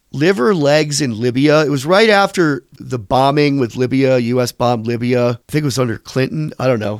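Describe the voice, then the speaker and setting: A man's voice: mid-range voice, no echo, studio quality. Rambling, profane man telling stories. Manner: rambling, profane, slips into quoted voices. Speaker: musician interviewee. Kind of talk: casual storytelling interview.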